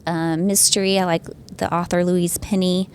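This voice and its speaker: A woman in her thirties, a librarian guest chatting eagerly on a podcast and pausing often on "um". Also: on the low side, flat delivery, darkish tone, a little hiss or hum. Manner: chatty and enthusiastic, with frequent "um" pauses. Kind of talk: casual chat.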